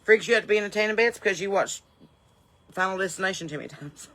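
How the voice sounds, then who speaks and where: A woman's voice: medium pitch, very fast, a bit bright. A middle-aged woman with a Southern US accent, hosting a podcast and telling brash, profane, rambling comic stories. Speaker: podcast host. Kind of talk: comedic storytelling monologue.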